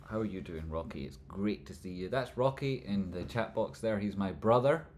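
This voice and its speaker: A man hosting a live stream, answering chat questions in rambling talk that trails off into mumbles and jumps to loud jokey bursts. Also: fairly low pitch, slight background noise. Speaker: livestream host answering chat. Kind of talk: casual live chat, stock chart commentary.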